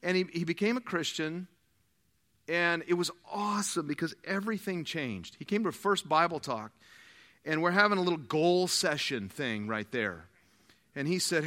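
A male pastor preaching with a bright, forceful voice and a lively, swooping delivery. He brings his stories to life by acting out the quoted lines of the people in them. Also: on the high side, normal speed, in a large hall. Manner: animated storytelling, acts out quoted dialogue. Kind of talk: sermon.

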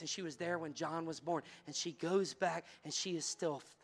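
A male pastor preaching a sermon that moves from casual storytelling to loud, fervent prayer in a packed church. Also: on the high side, steady tone, moderate pace. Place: church room packed with people.

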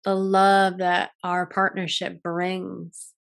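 A young adult woman hosting a yoga and wellness talk, speaking in a gentle, contemplative way with frequent restarts. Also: on the low side, monotone, slow, gravelly. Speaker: yoga and wellness podcast host. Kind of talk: reflective solo talk.

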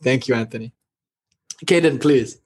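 A male meditation teacher giving a casual spiritual talk and answering questions. He tells stories in an animated way and laughs often. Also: mid-range voice, normal speed, husky.

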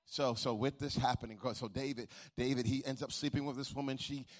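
A pastor delivering a sermon, repeating key phrases and asking the congregation to answer back. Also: male voice, mid-range voice, steady tone, brisk. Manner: emphatic preaching with varied pace.

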